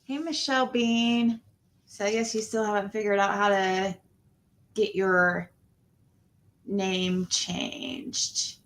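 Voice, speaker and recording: A woman's voice: medium pitch, fairly even intonation, slow pace, pauses often, a bit bright. A woman hosting a casual livestream, greeting viewers and talking in a rambling way, often trailing off and restarting her sentences. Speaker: livestream host.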